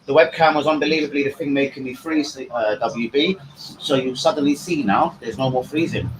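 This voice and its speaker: A man's voice: mid-range voice, moderate pace, echoey room, noisy background. A man hosting a live stream from home, chatting loosely with viewers and swearing freely. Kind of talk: casual live stream chat. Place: room at home.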